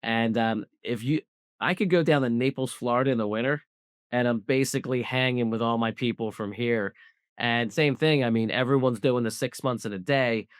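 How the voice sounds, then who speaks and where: A man's voice: mid-range voice, normal speed, clean tone, no room sound, clean studio sound. A man from Southwest Philadelphia, a business founder being interviewed, talking bluntly and emphatically and repeating points for stress. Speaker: guest, cybersecurity business founder. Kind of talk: casual interview talk.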